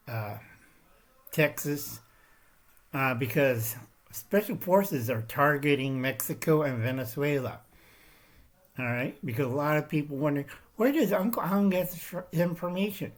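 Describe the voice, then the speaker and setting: A man's voice: fairly high pitch, unhurried. A man hosting his own channel, talking through a rambling, emphatic political commentary monologue, often checking in with "Okay?" and "All right?". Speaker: channel host.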